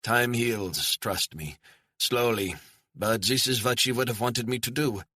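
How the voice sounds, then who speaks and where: A man's voice: mid-range voice, unhurried, dry recording, clean studio sound, pitched above the performer's own voice. A man voicing a chatty retired German traveler. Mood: wistful. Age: older. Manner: chatty and warm, enthusing.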